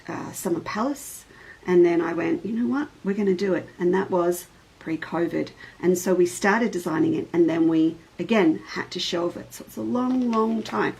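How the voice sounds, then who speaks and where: A woman's voice: on the low side, fairly even intonation, measured pace, vocal fry, a little mellow, rough recording. A middle-aged woman, hosting a casual show-and-tell chat as a fabric designer. She tells a rambling story in an easy, talkative way.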